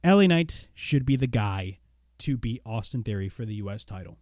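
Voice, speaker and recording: A man's voice: fairly low pitch, moderate pace, no room sound, studio quality. Blunt, swearing male wrestling reviewer. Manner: blunt, excitable, swears a lot. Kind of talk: casual spoken review.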